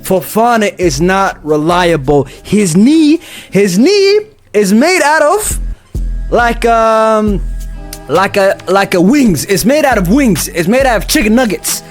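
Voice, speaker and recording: A young man hosting a casual fan commentary vlog, excitable, with a sing-song delivery and playful repetition. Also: high-pitched, slow pace, soft background music. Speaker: football channel host.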